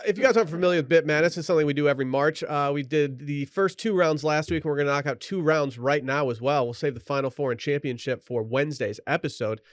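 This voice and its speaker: A man hosts a casual podcast in an upbeat, joking way. His voice sits a little high. The sound is dry and close. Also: no room sound. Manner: upbeat, runs the segment. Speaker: podcast host.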